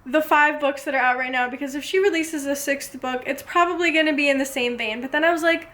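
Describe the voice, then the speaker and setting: A young adult woman chatting casually in a book vlog, excitable and gushing, swearing freely as she talks. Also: sits high, fast. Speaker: book vlogger.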